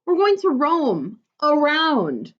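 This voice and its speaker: A jolly, joking family dad from a children's storybook, as a woman reads him aloud. He sounds hearty and playful, with a lively rise and fall. The recording is dull and lo-fi. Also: high-pitched, slow pace, pitched above the performer's own voice, heavily acted.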